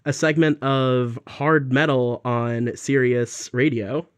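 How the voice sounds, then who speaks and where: A man's voice: mid-range voice, slow, clean tone. Young man telling stories with laughter. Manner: animated storyteller, laughs often, acts out quotes. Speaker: podcast co-host. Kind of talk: casual chat.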